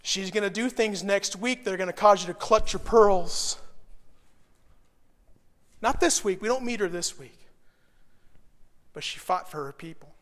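Young male preacher, animated and heartfelt, loud then hushed, high-pitched, reverberant room. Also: a little slow, pauses often. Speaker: pastor. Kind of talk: sermon teaching.

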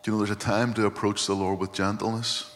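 Male pastor, deep voice, earnest sermon, long hall reverb. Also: level tone, quick pace, a bit bright, slight background noise. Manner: earnest, reflective preaching, often quoting scripture.

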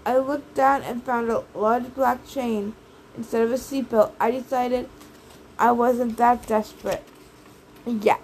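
A woman reading a first-person novel aloud in a brisk, lively storytelling manner. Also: on the high side, a little hiss or hum, rough recording. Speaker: audiobook reader.

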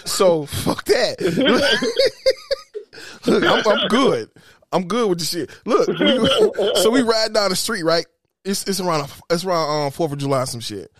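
A man in his forties spins a profane, animated story in casual chat. His voice sits a little high, and the recording is dry and close. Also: measured pace, dry recording. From Detroit, Michigan.

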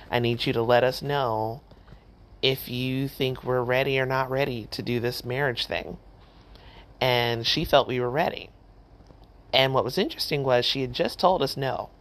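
Woman host, middle-aged, chatty storyteller who acts out quotes; casual, filler-heavy delivery. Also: extremely low pitch. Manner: chatty, animated, many fillers and quoted dialogue. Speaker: podcast host.

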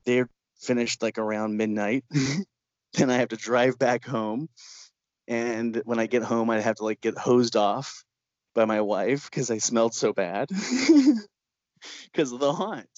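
In an interview, a man who makes documentaries recounts a shoot, laughing often and acting out quotes in other people's voices as a lively storyteller. He speaks slowly in a mid-range voice with long pauses. The sound is dry, close, muffled and lo-fi.

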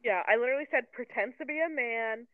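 A woman's voice: fast, no room sound. A woman co-hosting a podcast, recapping a reality show in casual chat. She acts out the quotes with lots of "like". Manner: animated, acts out quotes with a raised pitch, fillers like "like". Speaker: podcast co-host. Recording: tinny phone-line sound, dry.

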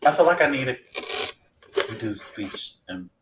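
A young man co-hosting a loose podcast, tossing off playful teasing jabs. His pitch swings up and down a lot as he talks, and a faint hiss sits behind him. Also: very animated, a little slow. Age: young adult. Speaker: podcast co-host. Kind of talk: casual chat.

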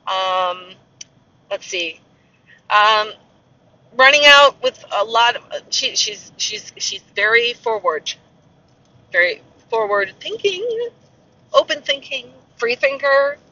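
Chatty man, bright high voice. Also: takes it slowly. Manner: rambling, chatty, self-mocking asides. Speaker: castle tour guide. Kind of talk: casual vlog chat. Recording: muffled, slightly distant mic.

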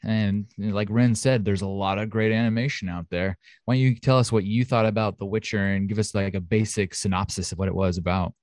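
A man's voice: on the low side, fairly even intonation, fairly quick, hardly any pauses, a little mellow, no echo, clean studio sound. A man co-hosting a podcast in casual chat, talking in a chatty, enthusiastic way with lots of fillers. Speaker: podcast co-host. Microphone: home studio mic.

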